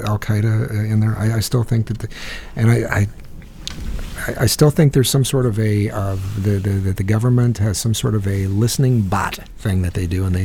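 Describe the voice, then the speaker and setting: Gravelly guy rambling on his podcast, lots of um and uh. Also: fairly low pitch, mellow, a little hiss or hum. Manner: rambling, many fillers and restarts. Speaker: podcast host. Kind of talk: casual podcast banter.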